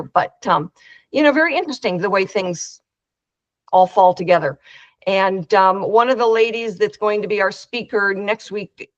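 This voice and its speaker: A woman's voice: mid-range voice, no room sound, highs cut off. A woman who organizes an inventors' meetup, telling long rambling anecdotes and acting out the quoted dialogue over a video call. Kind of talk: casual storytelling on a video call.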